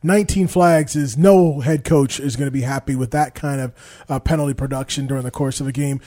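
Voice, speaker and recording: A man giving football analysis on a radio postgame show, explaining in a quick, conversational way. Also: mid-range voice, steady tone, dark tone. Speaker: color analyst.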